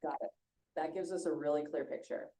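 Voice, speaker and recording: A synthetic female voice of an AI chat assistant, speaking in a smooth, even, upbeat way. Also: low voice, a little fast. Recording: roomy echo.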